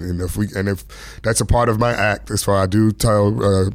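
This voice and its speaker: A man's voice: on the low side, steady tone, quick pace, no echo, clean studio sound. A comedian in his thirties or forties from the Washington, D.C. area, telling stories in a loose, laid-back way with frequent chuckles. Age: 30s to 40s. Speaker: stand-up comedian guest. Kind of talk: casual interview storytelling.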